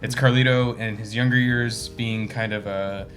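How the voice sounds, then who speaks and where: A man's voice: medium pitch, steady tone, normal speed, a bit bright, soft background music. A man co-hosting a casual movie discussion, rambling and swearing freely as he recounts scenes. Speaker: podcast co-host.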